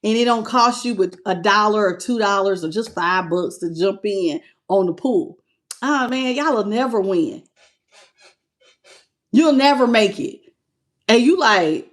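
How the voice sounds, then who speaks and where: A woman's voice: medium pitch, animated, a little slow. A woman giving a live tarot reading, greeting viewers in chat by name and talking in a playful, laughing way. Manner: playful, laughs often and sings snippets. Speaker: tarot reader.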